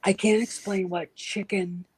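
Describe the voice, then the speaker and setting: A woman with a husky voice chatting casually, telling animated stories and acting out what people said. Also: mid-range voice, a little slow, low-quality recording. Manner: animated storyteller, acts out quotes. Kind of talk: casual chat.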